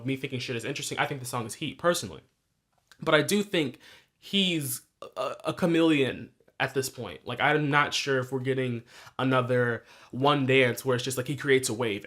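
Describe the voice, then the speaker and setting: A young man with a medium-pitched, fairly bright voice hosts a music podcast and reviews new music solo and casually. He is loose and profane, often fixing what he said and laughing at his own observations.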